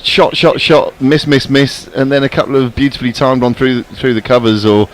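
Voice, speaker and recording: A man of middling pitch chatting about the cricket, loose and bantering, thinking aloud as he goes. His talk wanders with restarts. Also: fairly even intonation, normal speed, low-quality recording. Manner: bantering, rambling. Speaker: cricket commentator. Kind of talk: casual cricket commentary chat.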